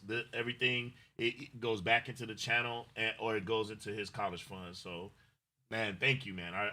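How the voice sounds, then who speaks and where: A man's voice: fairly low pitch, bright, forceful tone. A middle-aged man co-hosting a casual livestream, talking in a rambling, effusive way and thanking viewers emotionally. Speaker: livestream co-host.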